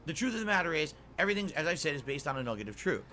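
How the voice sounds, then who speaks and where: A man's voice: fairly high pitch, big pitch swings, racing, pushed and bright, faint music behind. A man streaming to his viewers, ranting defensively with plenty of swearing and tag questions. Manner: defensive, profane, repeats "all right?". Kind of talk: livestream rant to viewers.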